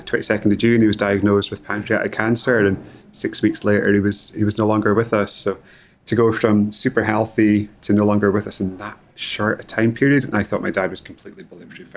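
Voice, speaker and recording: Man in his thirties, low voice, halting, grieving interview guest. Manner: halting, repeats words, grieving. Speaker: guest, company founder. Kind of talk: emotional interview conversation.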